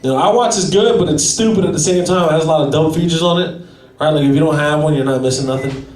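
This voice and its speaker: A man with a fairly high voice doing stand-up, joking about himself and chatting with the crowd. He is heard from a distance in a roomy, echoing space. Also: fast talker, darkish tone. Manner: self-deprecating, chatty with the crowd. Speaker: stand-up comedian. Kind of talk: stand-up comedy set. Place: small gallery venue at an open mic. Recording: echoey room from a distance.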